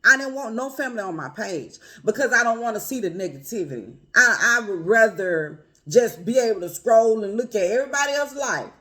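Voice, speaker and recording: A woman speaking earnestly and personally to her viewers, calling them y'all and family, with a quiet, emotional edge. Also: on the high side, lively intonation, brisk, hardly any pauses. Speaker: vlogger. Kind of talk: heartfelt personal talk to camera.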